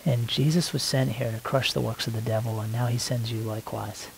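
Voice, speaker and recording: A man praying aloud in spontaneous prayer, soft and halting, repeating words as he searches, sometimes dropping to a hushed near-whisper. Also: medium pitch, steady tone, gravelly, a little hiss or hum, poor audio. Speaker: worship leader praying aloud.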